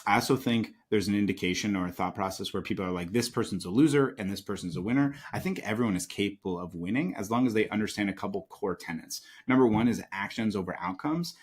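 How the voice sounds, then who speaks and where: A man's voice: fairly low pitch, fast, few pauses, slightly rough. A man speaking as a guest and sales coach in an interview, emphatic, often asking "right?". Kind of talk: conversational interview.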